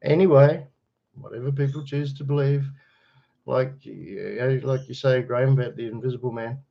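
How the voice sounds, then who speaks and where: A middle-aged Australian man chats loosely to his livestream viewers, wandering between stories, greeting people by name and chuckling at his own jokes. His voice sits in a plain middle pitch. The webcam microphone gives the sound a slightly dull, muffled edge. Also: moderate pace, creaky. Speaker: livestream host. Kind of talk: casual livestream chat answering viewers.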